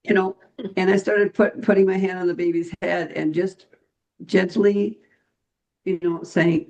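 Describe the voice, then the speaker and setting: A man co-hosting a podcast, chatting casually and telling a story in a relaxed way with small restarts. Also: high-pitched, unhurried, vocal fry, pauses often, rough recording. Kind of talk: casual chat.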